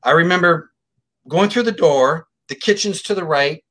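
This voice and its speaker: Speaking as an interview guest, a middle-aged man with a voice on the high side talks at normal speed. He tells a case story casually and emphatically, full of animation, and acts out what other people said.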